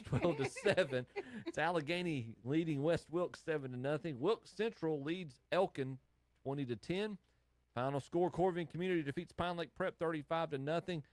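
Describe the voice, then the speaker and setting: A man hosting a live radio scoreboard show, running through high school football scores in casual studio banter and laughing often. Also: no room sound. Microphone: studio microphone.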